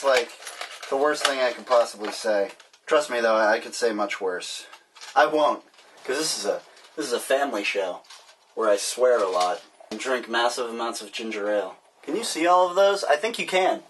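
A man's voice: on the high side, fairly bright tone. A man hosting a casual mail-opening vlog, joking and rambling sarcastically as he opens packages. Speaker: vlogger. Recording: distant mic, faint hiss.

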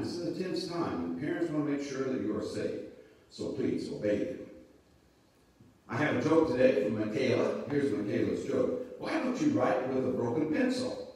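A man leading a church service, reading scripture and then talking gently and folksily to children. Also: medium pitch. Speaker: pastor leading children's moment. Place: church sanctuary. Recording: echoey church room, mic far off.

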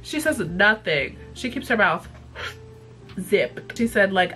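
A young woman chatting straight to camera, cursing freely and piling on slang as she retells a story with animated energy. Her voice sits at an ordinary middle pitch. Faint music plays softly behind her. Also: takes it slowly. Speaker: vlogger recapping a cartoon episode. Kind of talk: casual chat.

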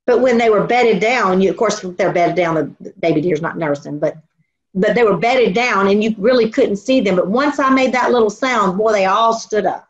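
A woman preaching a sermon in an earnest, storytelling way, slowing down to stress her points. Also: medium pitch. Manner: earnest, storytelling, slows for emphasis. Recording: dull lo-fi recording.

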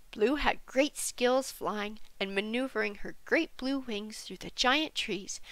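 A woman narrating a children's storybook gently, sometimes dropping to a soft whisper. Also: a little high, no room sound, poor audio.

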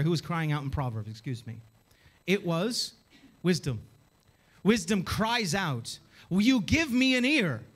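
A man preaching a sermon as a pastor, emphatic and full of rhetorical questions. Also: high voice. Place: church.

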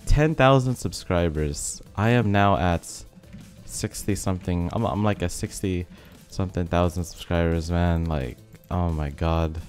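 A young man giving relaxed, rambling commentary over a game, his voice a bit rough from being sick. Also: sits low, unhurried. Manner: rambling, filler-heavy, laid-back. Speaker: gaming video host. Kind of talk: casual commentary over gameplay. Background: faint background music.

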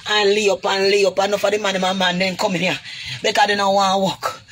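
A woman of medium pitch speaks fast in a flat, fairly bright delivery with a Jamaican accent. Her emotional vlog monologue to camera is full of creole grammar, pleading and preachy, and she calls viewers "goody."

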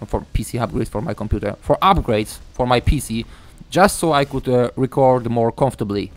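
A young man giving a ranting gameplay commentary, frustrated and swearing, halting with many fillers. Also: medium pitch. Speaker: gaming YouTuber.

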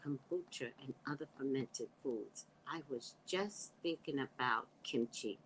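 A woman's voice: extremely low pitch, measured pace, slight background noise, poor audio. A woman hosting a casual livestream, reading viewer comments aloud and reacting in a chatty way, sometimes dropping to a whisper. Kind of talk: casual live chat.

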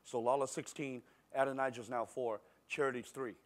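A middle-aged man preaching a sermon in a church service, telling a personal story in a conversational, animated way and swinging between quiet and loud. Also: mid-range voice, moderate pace. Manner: animated, conversational, acts out scenes with shifting loudness. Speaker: pastor.

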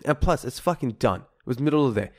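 A man of middle pitch co-hosting a casual podcast and telling a story about a run-in with a neighbor. He swears in nearly every sentence and jumps into the voices of the people he quotes, so the delivery stays lively and conversational. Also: quick pace. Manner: swears constantly, animated, acts out both sides of quoted arguments. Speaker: podcast co-host.

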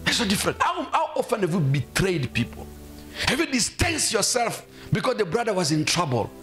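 High, lively male preacher. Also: fairly quick, faint music behind. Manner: emphatic, asks the congregation questions and acts out quotes. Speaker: pastor. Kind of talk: sermon. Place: church.

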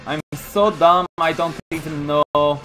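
A jumpy young-sounding man talks his way slowly through a horror game, swearing nonstop and breaking into panicked yells. Game music plays clearly underneath him. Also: on the high side, level tone, low-quality recording. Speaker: let's play gamer.

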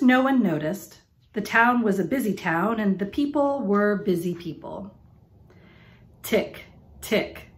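Woman, storybook read-aloud, playful, expressive, slow, sing-song pitch. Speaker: picture book reader.

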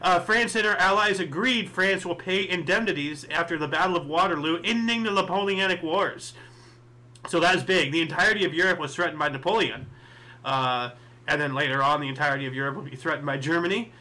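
A man's voice: a little high, a little fast, pushed and bright. A man hosting a history show, reading dates and thinking aloud in casual solo commentary with many fillers and asides.

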